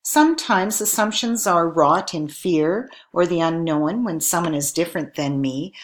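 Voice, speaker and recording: A woman giving a recorded lesson, speaking in a clear, measured teacherly way and putting questions to the viewer. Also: on the low side, lively intonation. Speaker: instructor.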